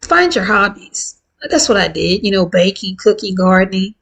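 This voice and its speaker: Woman in her 50s, bit of vocal fry, just chatting to camera, open and heartfelt. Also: mid-range voice, expressive, moderate pace, poor audio. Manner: candid, heartfelt, conversational. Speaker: vlogger. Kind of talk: casual chat to camera.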